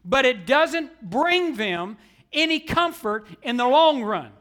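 A man preaching a sermon, emphatic and repetitive, swinging between quiet asides and loud declarations. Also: very high-pitched, big pitch swings, takes it slowly. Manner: emphatic preaching with repetition, surging louder and softer. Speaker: pastor.

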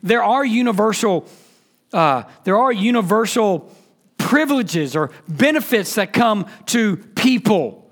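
A male preacher with a notably high voice delivers a sermon. He is emphatic, circles back to his key phrases and throws rhetorical questions at his listeners. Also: a bit bright.

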